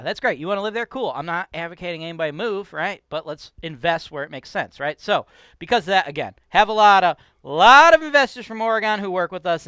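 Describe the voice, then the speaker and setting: Brash high-voiced Ohio guy ranting. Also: sharp tone, clear, resonant tone, no room sound. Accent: Cleveland, Ohio. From Cleveland, Ohio. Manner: brash, profane, keeps asking "right?". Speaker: real estate show host. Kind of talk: casual ranting vlog.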